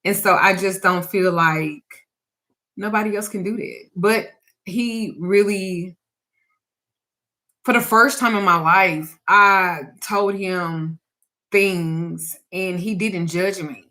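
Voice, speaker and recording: A woman's voice: medium pitch, slow, pushed and bright. A woman who teaches spiritual practice and does readings, telling a personal story in casual, candid talk. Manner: candid and reflective, trails off with restarts.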